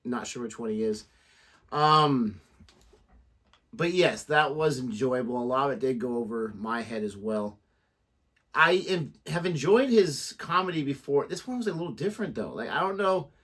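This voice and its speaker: A man's voice: medium pitch, animated, normal speed, a bit bright. A man co-hosting a reaction video, chatting casually and hesitantly, with lots of "like" as he searches for his words. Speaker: reaction channel co-host. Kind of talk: casual chat.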